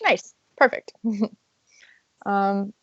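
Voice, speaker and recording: A woman's voice: medium pitch, extremely slow, vocal fry, lo-fi sound, very noisy. A woman playing a tabletop game, hesitant and laughing between ums. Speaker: player. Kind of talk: casual tabletop play.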